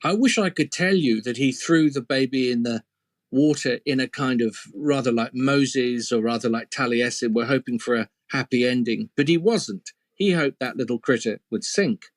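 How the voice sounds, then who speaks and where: A man's voice: medium pitch, moderate pace, no echo. A man storyteller telling an old fairy tale in a conversational way, with playful asides to the listener. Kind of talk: oral storytelling.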